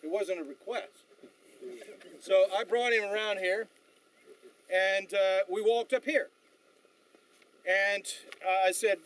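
A man leading a battlefield tour outdoors, telling stories in an animated way with frequent fillers and restarts. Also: high-pitched, a little hiss or hum, poor audio. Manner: animated storyteller, halting with fillers. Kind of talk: outdoor guided tour talk.

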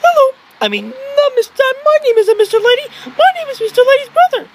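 A toy-video narrator putting on a very high, squeaky voice for a chirpy toy character. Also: fairly quick, noisy background, full character voice. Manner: shrill, excited greetings.

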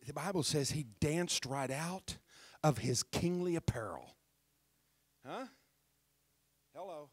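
A man preaching a sermon in a church, talking conversationally and building to loud, shouted praise. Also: a little high, no echo.

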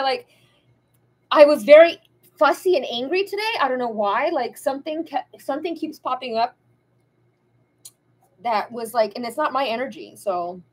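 A woman giving a casual pick-a-card tarot reading, talking in a chatty, rambling, spiritual way straight to her viewers. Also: on the high side.

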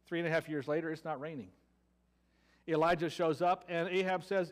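A man's voice: a little high, fairly even intonation, a little fast. A man with a Southern American accent preaching a sermon, telling a story with playful sarcasm and acting out the people in it. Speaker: pastor.

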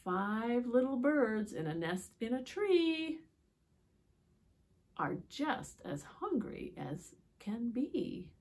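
A woman reading picture books aloud to young children, expressive, with gasps and drawn-out words. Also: on the high side. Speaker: storytime reader.

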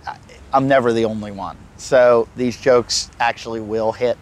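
A man's voice: mid-range voice, steady tone, moderate pace. A man telling crude, self-mocking stand-up stories and acting out quotes, mixed with a casual tour of his neighborhood. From United States. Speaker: stand-up comedian and show host.

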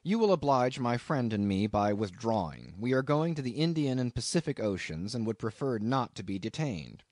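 A man's voice: medium pitch, sing-song, normal speed, hardly any pauses, a little mellow, no room sound, clean studio sound. A man voicing a blunt, impatient young sailor who speaks curtly.

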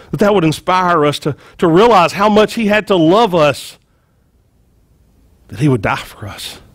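A man preaching a sermon, retelling a story with lively acted-out quotes and frequent repeated words. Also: a little high. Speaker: pastor.

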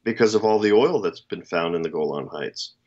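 A man with a lowish voice co-hosting a political commentary show. He talks in a rambling, emphatic way with a sardonic edge. The audio is dull and lo-fi. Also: lively intonation, brisk. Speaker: co-host.

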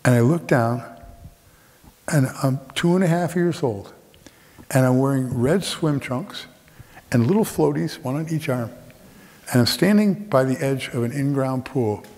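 A man's voice: mid-range voice, a little slow, long pauses, a little mellow. A middle-aged man performing a reflective storytelling monologue on a theater stage, with dramatic shifts of tempo. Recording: theater with long reverb.

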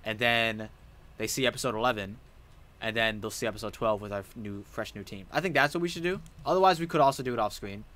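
A man co-hosting a casual gaming chat while he plays, telling stories in an animated way and swearing freely. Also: on the low side, fast talker. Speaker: co-host of a game challenge series.

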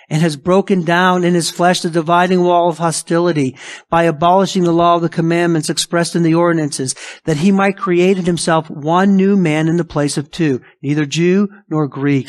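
A male pastor preaching a sermon emphatically, asking rhetorical questions and acting out imagined objections. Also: on the high side. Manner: acts out imagined objections in a raised voice.

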